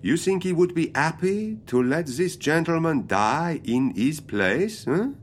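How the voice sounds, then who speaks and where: Waiter, super slow, dry jokes, voice goes up and down a lot. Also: male voice, a little high, expressive, a little hiss or hum. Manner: dry, formal, deferential. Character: courteous dry-witted French male waiter. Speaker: restaurant waiter.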